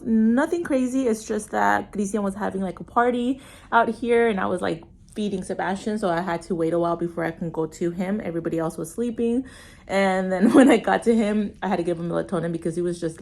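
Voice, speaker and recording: A woman's voice: medium pitch, gravelly, darkish tone. A woman chatting casually to the camera as a family vlogger, rambling and full of fillers. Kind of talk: casual vlog chat to camera.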